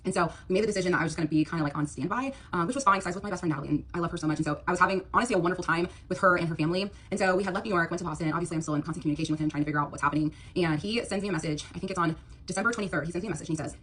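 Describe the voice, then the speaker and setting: A woman's voice: on the low side, racing, a bit bright, breathy edge. A young woman retelling a personal dating story, rambling and quoting the other person's words, with lots of fillers. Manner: rambling, filler-heavy retelling with quoted dialogue. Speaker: TikTok storyteller. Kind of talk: storytime monologue.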